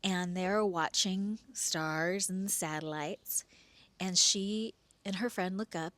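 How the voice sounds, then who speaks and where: A woman hosting and telling her own true story, expressive, dropping into hushed whispers and swinging between slow and quick delivery. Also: on the low side, no echo. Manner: pace swings between slow drawn-out and rushed. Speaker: podcast host telling a personal story. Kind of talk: first-person storytelling.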